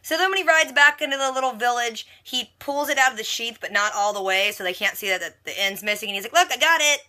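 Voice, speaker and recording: A woman vlogger giving a casual, animated recap of a TV episode with quick asides. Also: on the high side. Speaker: reaction vlogger.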